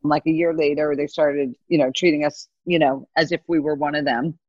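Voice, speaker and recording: A middle-aged woman in a casual interview, telling animated stories about her career and acting out the voices of people she quotes. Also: deep voice, a little fast, dry recording, lo-fi sound. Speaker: guest, venture capitalist. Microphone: video call mic.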